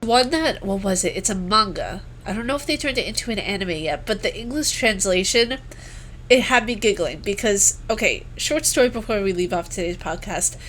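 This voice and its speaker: A woman guest on a podcast, telling stories in casual chat, giggly and animated, swearing casually. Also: medium pitch, normal speed.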